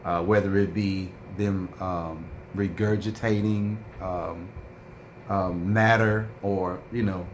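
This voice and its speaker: A man's voice: low voice, steady tone, slow, a little hiss or hum. A man vlogging in a casual chat, telling a rambling story with lots of fillers and reading out viewer comments.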